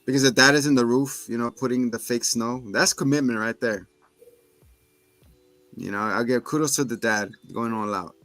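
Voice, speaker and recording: A man casually recapping a film for a podcast, retelling scenes with quick voices for the characters. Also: mid-range voice, a bit bright, dry recording. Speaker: podcast co-host. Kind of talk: casual movie review chat.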